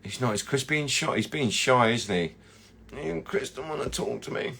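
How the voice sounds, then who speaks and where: A man's voice: medium pitch, animated, moderate pace, vocal fry, sharp tone, breathy edge. A man, a chocolatier hosting a casual live chat and rambling through viewer comments.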